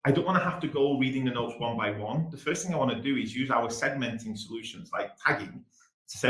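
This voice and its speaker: A man with an English accent talks fast and energetically through a business webinar. His voice sits mid-range. He is recorded in a noticeably echoey room. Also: medium pitch, fairly bright tone. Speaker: webinar presenter.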